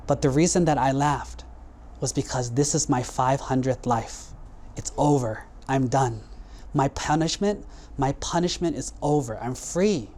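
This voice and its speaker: A monk voicing a talking goat in a storytelling sermon, low and earnest as it recounts its past lives. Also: male voice, measured pace, a little mellow, a little hiss or hum, natural voice. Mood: solemn. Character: wise talking goat, old soul, sorrowful.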